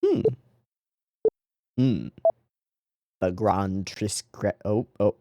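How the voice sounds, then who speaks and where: An anime reaction host talking casually and excitably, rambling into giggly asides while watching an episode. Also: low-pitched, extremely slow, noisy background.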